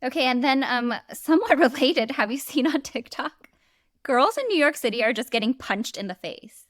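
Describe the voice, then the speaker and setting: A woman in her thirties chats with a friend on a podcast, telling stories in an animated, rambling way. Her voice sits fairly high. The sound is close and dry, with no room in it. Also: moderate pace, no room sound. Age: 30s. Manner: chatty, animated storytelling with frequent "like". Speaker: podcast co-host. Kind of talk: casual chat.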